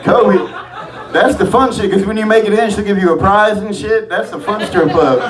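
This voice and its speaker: On a comedy club stage, a man with a high voice works through a profane, rambling open-mic set at a normal speed with loose delivery. The echoey club is recorded from far off, and crowd laughter can be heard.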